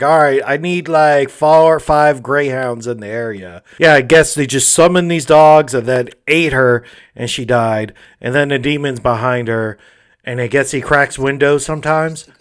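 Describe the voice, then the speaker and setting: A man's voice: mid-range voice, a bit bright. Laid-back guy with a crude, sarcastic edge; casual comedic recap. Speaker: movie recap host.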